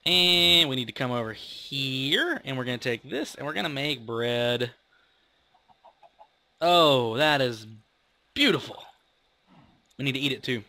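A young man talking through a game as he plays, chatty and rambling and quick to poke fun at himself. His voice is bright and tense-edged, swinging up and down in pitch with plenty of life. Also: lively intonation. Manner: rambling, chatty, self-mocking. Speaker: gaming video host. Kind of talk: casual let's-play commentary.

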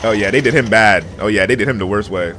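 A young man hosting a reaction video, hyped and shouting with casual slang. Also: lowish voice, quick pace, background noise. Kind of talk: excited reaction commentary.

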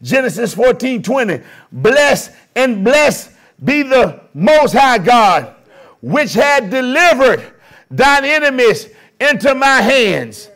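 High-voiced preacher man calling out. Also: sing-song, takes it slowly. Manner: call-and-response preaching, rising to shouts. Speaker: pastor. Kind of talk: sermon.

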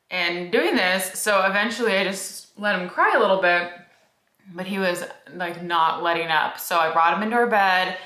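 A woman in her thirties talks to the camera in an easy, chatty way, laughing her way through stories of her household. Her voice is bright and forward, and the home recording has a roomy echo around it. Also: fairly low pitch. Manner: chatty storytelling, often laughing. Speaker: vlogger. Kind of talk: casual chat to camera. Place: family home.

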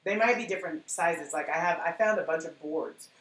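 A woman's voice: lowish voice, a little fast, fairly bright tone, reverberant, poor audio. A woman teaching a live painting class, chatty and encouraging as she talks to her viewers. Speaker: art instructor.

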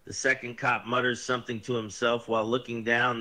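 A text-to-speech male voice flatly reading out chatbot story narration. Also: mid-range voice, brisk.

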